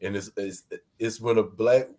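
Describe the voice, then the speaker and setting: A man co-hosting a casual talk show, lively and joking, quick to laugh. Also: on the low side. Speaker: podcast co-host. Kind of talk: casual chat.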